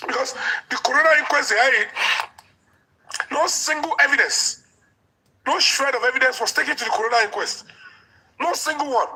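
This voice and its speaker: A man's voice: very high voice, pushed and bright, low-quality recording. A Nigerian man arguing his point in an online talk room, his voice off from being under the weather. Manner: insistent, lecturing. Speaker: featured speaker in an online audio room. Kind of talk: heated discussion.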